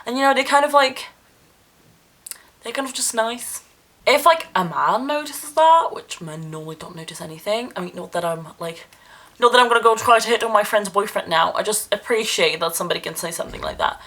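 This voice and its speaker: A young woman talks straight to her viewers in a loose, rambling vlog, frank and quick to poke fun at herself. Her voice is bright and clear. She sounds moved throughout, close to tears. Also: medium pitch, animated. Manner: candid, rambling and self-deprecating. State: emotional, near tears. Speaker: vlogger. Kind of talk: casual vlog monologue.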